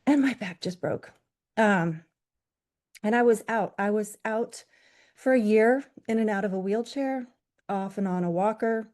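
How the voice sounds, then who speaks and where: A woman's voice: mid-range voice, measured pace, darkish tone. A woman in her forties, a yoga teacher from Los Angeles, telling her own story in a talk in an earnest, candid way with fillers and self-corrections.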